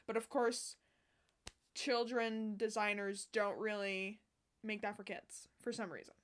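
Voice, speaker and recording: A young woman vlogger chatting outdoors, excitable and sassy, swearing often. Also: on the high side, normal speed. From Canada. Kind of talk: casual chat. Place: outdoors on a sunny day.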